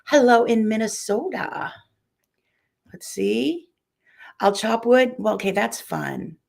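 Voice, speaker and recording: A woman's voice: fairly high pitch, expressive, normal speed, gravelly, a little mellow. A woman in her fifties, a quilting teacher, chatting casually and rambling on a live stream while greeting viewers by name.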